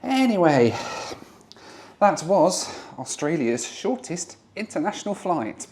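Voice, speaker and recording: A man's voice: high voice, very animated, slow pace, darkish tone, slight background noise. A man in his thirties, casually vlogging his travels to the camera in a chatty, upbeat way.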